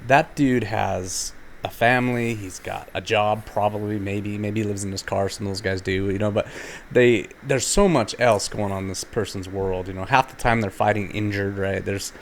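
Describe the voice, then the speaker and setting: A man hosts a podcast, reflecting on everyday life in an encouraging, conversational way. His voice sits a little low for a man, with a faint hiss in the background. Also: fairly even intonation, normal speed, hardly any pauses. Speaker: podcast host. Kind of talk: casual chat.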